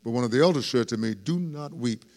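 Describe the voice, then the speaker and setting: Man, preacher, sermon, mid-pitched voice, chatty asides, loud fervent swells. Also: fast talker, creaky. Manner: lively preaching with swells in volume and laughter; conversational asides to the congregation.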